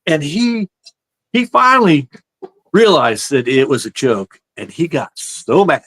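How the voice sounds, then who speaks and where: Speaking at a measured pace in a slightly high voice, a man on a show shares a long prank story, recorded dry. He rambles casually and animatedly, looping back with "so anyway" between parts of the tale.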